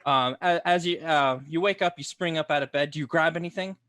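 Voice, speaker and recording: Halting game master narrating. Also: male voice, on the high side, fairly bright tone, no echo. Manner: loose, halting with fillers.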